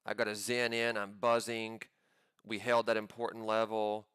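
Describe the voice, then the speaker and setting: A man giving live commentary on his own trades, pumped up and talking in quick excited bursts. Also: on the low side, clean tone, no echo, studio quality. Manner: hyped, pumped-up chatter with sudden bursts.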